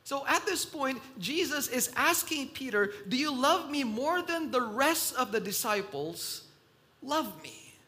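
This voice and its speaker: A man preaching a sermon in a slow, emphatic delivery that swells loud and drops soft. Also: extremely high pitch, sing-song.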